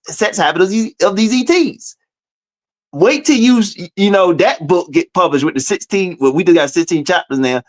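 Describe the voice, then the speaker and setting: A man talks as a guest in loose, animated chat, swearing freely and laughing between points. His voice sits a little high for a man. He jumps quickly from aside to aside. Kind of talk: casual profane chat.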